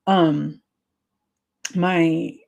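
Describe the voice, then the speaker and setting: A woman's voice: sits low, fairly even intonation, drawn-out words, vocal fry, a little mellow. A woman hosting a livestream, talking to viewers in a confiding, emotional, sympathetic way. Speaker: livestream host.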